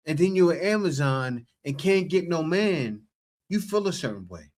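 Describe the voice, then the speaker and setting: A man giving a reaction who reasons aloud in a measured way, with pauses between thoughts. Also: sits high, very animated. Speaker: commentator. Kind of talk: reaction commentary.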